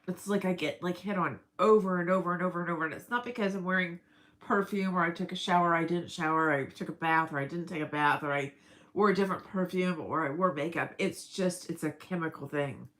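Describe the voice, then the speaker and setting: A woman's voice: lowish voice, a little fast, a bit bright, rough recording. A middle-aged woman rambling through a casual personal vlog, emotional and breaking into laughs. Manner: rambling, emotional, laughs often mid-sentence. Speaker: vlogger.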